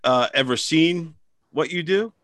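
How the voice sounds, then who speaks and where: A man interviewing a comedian, asking halting, rephrased questions. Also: fairly high pitch, fairly bright tone, dry recording, clean studio sound.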